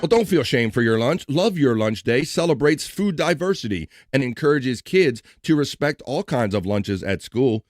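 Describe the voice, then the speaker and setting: Give me an energetic male stream host joking casually over faint music. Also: medium pitch, normal speed, few pauses. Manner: energetic, jokey, sings along. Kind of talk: casual live stream chat.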